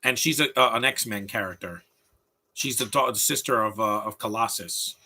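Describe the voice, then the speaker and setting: Male film commentator, live talk-over, bright and punchy tone, opinionated rambler. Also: fairly low pitch, normal speed. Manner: opinionated, rambling rant with restarts.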